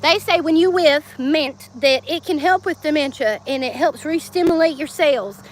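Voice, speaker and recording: A middle-aged woman with a drawl talks to her phone camera in a loose, rambling way, laughing often. Her voice sits high. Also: normal speed, slight background noise. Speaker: vlogger. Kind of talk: casual livestream chat. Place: home and yard, outdoors at times.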